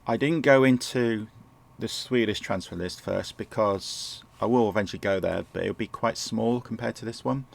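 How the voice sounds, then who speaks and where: A man with a sore throat and a croaky voice, rambling and correcting himself as he casually talks through a management game at home. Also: fairly low pitch, normal speed, few pauses. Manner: rambling, self-correcting, chuckles often. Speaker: gameplay commentator. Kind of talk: casual game walkthrough commentary. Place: home, indoors.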